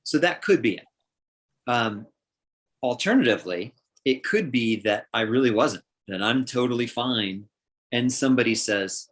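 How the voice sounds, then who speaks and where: A man's voice: mid-range voice, animated, measured pace, fairly bright tone, slight background noise. A middle-aged man on a livestream answers questions as a counselor. He is thoughtful and often restarts his sentences. He acts out examples of how people talk. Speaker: counselor guest.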